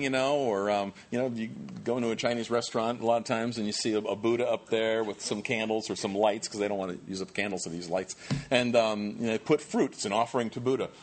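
A pastor giving a sermon, telling the story in a conversational, animated way with many fillers. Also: male voice, mid-range voice.

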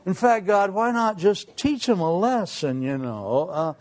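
A man preaching a sermon in a folksy, humorous way, dropping quiet for serious points. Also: high-pitched, big pitch swings, unhurried. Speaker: pastor.

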